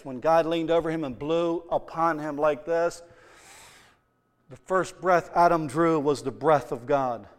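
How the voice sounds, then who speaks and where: A man delivers a sermon with a fairly high voice, swinging from fervent emphasis to easygoing storytelling. His words ring out in a church hall with a long reverb tail. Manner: impassioned, conversational storytelling with rising emphasis. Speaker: preacher. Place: church sanctuary.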